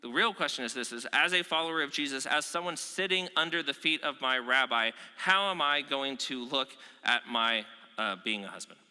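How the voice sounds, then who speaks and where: A young adult man gives a sermon as executive pastor, talking candidly and poking fun at himself. His voice is very bright and forward. The sound rings with the long reverb of a big church auditorium. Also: medium pitch, normal speed, clear, resonant tone. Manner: candid, self-deprecating and conversational, with many "like"s.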